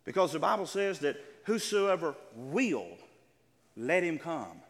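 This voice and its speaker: Animated male preacher, slightly high voice, big hall reverb. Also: measured pace. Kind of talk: sermon. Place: church sanctuary. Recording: long reverb of a large hall.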